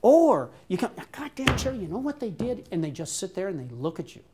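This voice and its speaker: Male academic, seminar Q&A; lively, casual, salty speaker who slips into acted-out rants. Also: on the high side. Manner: animated, acts out quarrels with sudden loud outbursts; casual, swears freely. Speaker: visiting professor giving a seminar talk.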